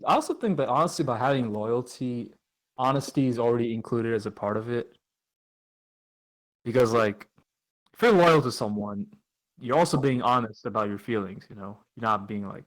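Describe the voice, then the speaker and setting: A young man in an easygoing podcast chat, his voice sitting at an ordinary middle pitch. He talks over an online call in a loose, jokey way and drops in casual slang. He reads listener questions with little formality. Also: lively intonation, a little fast, rough recording. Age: young adult. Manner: laid-back, jokey, slangy.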